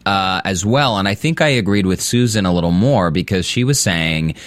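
Chatty low-voiced man co-hosting a recap. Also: expressive, moderate pace, no room sound. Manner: chatty, laughs often. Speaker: podcast co-host. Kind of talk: casual TV recap chat.

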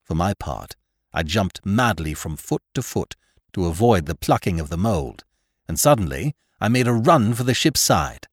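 A man's voice: deep voice, sing-song, moderate pace, no echo, clean studio sound. A man narrating a classic horror story as a podcast host, reading dramatically and rising and sinking with the tension. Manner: dramatic, rises and sinks with the tension.

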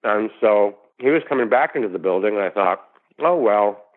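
Brief: low-pitched male actor, lively anecdote teller, tinny phone-line sound. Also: normal speed. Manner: animated storyteller who acts out quoted voices. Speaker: actor guest. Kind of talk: storytelling interview anecdote.

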